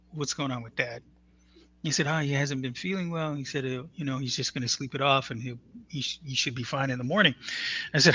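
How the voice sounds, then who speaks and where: Bright-voiced man telling a story. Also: mid-range voice, slightly rough, no echo. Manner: earnest, matter-of-fact, quotes others as he tells it. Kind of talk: conversational storytelling.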